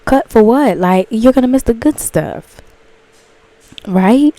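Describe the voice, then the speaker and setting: A woman talking casually and expressively to her viewers in a self-help vlog, stretching words and swinging into excited bursts. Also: a little high, no echo. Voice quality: animated, drawn-out expressive delivery. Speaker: channel host.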